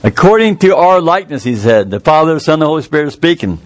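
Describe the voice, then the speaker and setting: A man preaching a sermon in a folksy, earnest way, jumping up in pitch to stress a point. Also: sing-song, no room sound. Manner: folksy, earnest, with quick rises in pitch for emphasis.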